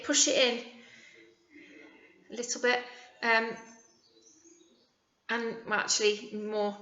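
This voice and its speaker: A woman teacher with a British accent leading a young children's phonics lesson, modelling words slowly and encouragingly. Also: a little high, a bit bright. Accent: British English. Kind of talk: early years phonics lesson. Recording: echoey room, dull lo-fi sound.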